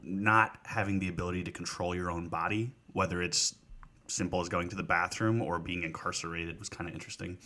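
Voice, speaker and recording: A man co-hosting a podcast, discussing a book and teasing his co-hosts, with halting restarts. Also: deep voice, fairly even intonation, sharp tone, slight background noise. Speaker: podcast co-host.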